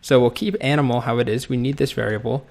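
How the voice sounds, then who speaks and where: Guy doing a coding tutorial, gravelly voice, easygoing step by step explaining. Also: mid-range voice, fast. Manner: relaxed, explains step by step while typing. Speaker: coding instructor. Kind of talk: screen-recorded coding tutorial.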